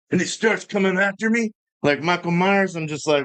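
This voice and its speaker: A man chats loosely through a live home-brewing stream in a voice pitched a bit above the usual male range. He rambles from story to story and swears freely, breaking into laughs along the way. He talks from his own brewing space at home. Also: moderate pace, fairly bright tone, clean tone. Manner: rambling, profane, laughs often. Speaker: homebrewing live-stream host. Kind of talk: casual live-stream chat. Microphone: streaming setup.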